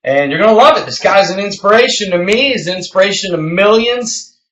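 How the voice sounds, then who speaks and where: A man hosting a health show as a health coach, talking emphatically and passionately, getting loud. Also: high voice, lively intonation, brisk, reverberant, poor audio. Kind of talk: energetic podcast talk.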